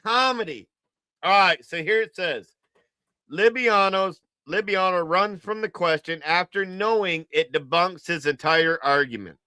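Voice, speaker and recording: A man's voice: high voice, unhurried, bright, forceful tone, clear, resonant tone, no room sound. A man hosting a livestream, giving casual, joking reaction commentary and repeating his phrases. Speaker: livestream host.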